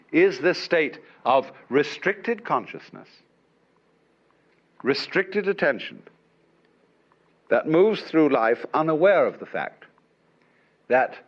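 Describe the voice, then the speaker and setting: A man giving a public lecture in an unhurried, wry way, with chuckles, on an old lo-fi recording from a lecture hall. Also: mid-range voice. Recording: dull lo-fi archive lecture recording.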